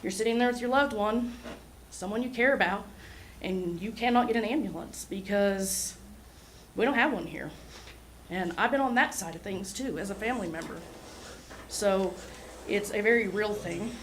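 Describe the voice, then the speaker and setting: A woman in her forties speaks to a city commission about her ambulance service, earnest and heartfelt with a touch of nerves. Her voice sits at an ordinary middle pitch, and a faint hum of room noise runs beneath her. She talks plainly, like a medic more at home on a truck than at a podium. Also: moderate pace, low-quality recording. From Oklahoma. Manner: earnest, heartfelt, a little nervous. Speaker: EMS administrator. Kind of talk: public remarks at a city meeting. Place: city hall meeting room.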